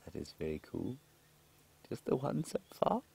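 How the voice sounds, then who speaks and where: A low, gravelly male voice, guiding a live safari from a vehicle out in the bush. He chats easily through viewer questions and goes hushed and excited when the animals show. The tone is husky and deep. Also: normal speed. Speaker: safari guide presenter. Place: outdoors in a game vehicle in the bush.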